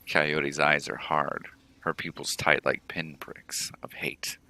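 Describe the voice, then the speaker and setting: A man narrating a game playthrough, reading the story text aloud in a steady storybook manner. His voice is extremely deep and gravelly, yet bright and crisp, in a dry sound. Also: slow, no room sound. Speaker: let's play host.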